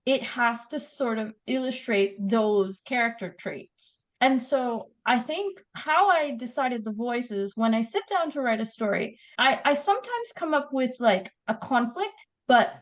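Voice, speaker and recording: A woman's voice: on the high side, lively intonation, a little slow, low-quality recording. A woman with a Canadian accent, a guest author chatting animatedly about her writing in an interview. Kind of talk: casual interview chat.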